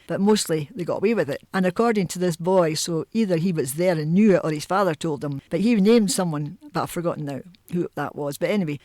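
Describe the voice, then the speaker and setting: An older Scottish woman tells family stories in a chatty, lively way, laughing often as she goes. Her voice sounds close and dry, with no echo around it. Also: fairly low pitch. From Newhaven, Edinburgh, Scotland. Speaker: oral history interviewee. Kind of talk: reminiscing storytelling.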